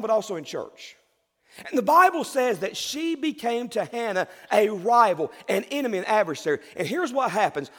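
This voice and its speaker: A male pastor, preaching a sermon with emphatic delivery and dramatic pauses. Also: extremely high pitch, big-room sound.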